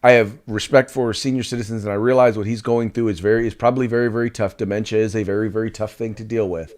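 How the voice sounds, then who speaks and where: A man co-hosting a casual political talk show, indignant and animated, often repeating words as he builds a point. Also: on the low side, fast. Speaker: co-host.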